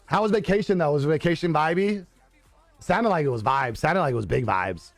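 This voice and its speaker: A man's voice: fairly high pitch, lively intonation, moderate pace, no room sound. A young man live streaming, chatting casually with his viewers, laughing often and swearing easily. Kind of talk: casual chat reading viewer comments. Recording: dry close sound with faint music behind.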